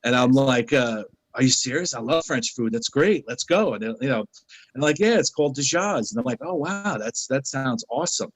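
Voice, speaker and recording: At normal speed and in a middle register, a man from New York City tells stories as an interview guest, animatedly voicing each person he quotes. The low-quality recording is dry and close-miked, with no echo.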